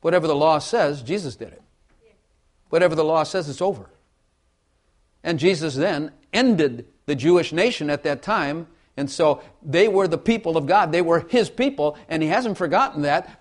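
Male preacher, light-pitched, folksy sermon delivery, calls for amens. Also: animated, normal speed. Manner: folksy, repeats phrases, asks the congregation for amens.

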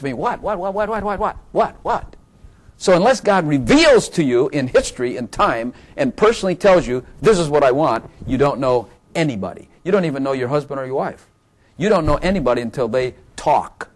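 A man preaching a sermon in a conversational way, chuckling often and building to excited, emphatic bursts. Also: medium pitch. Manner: chuckling, playful asides, rising to excited emphasis.

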